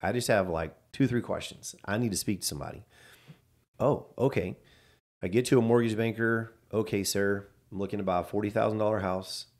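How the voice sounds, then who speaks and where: Low-voiced man telling a story. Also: fairly quick. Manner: animated storyteller acting out quoted dialogue. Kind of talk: casual storytelling.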